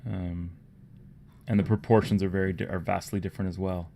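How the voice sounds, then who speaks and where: A man from Canada with a Toronto accent, hosting a casual livestream, rambling and low-key and often trailing off into quiet murmurs. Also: level tone, brisk, vocal fry, slight background noise. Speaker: livestream host. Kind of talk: casual livestream chat while painting miniatures.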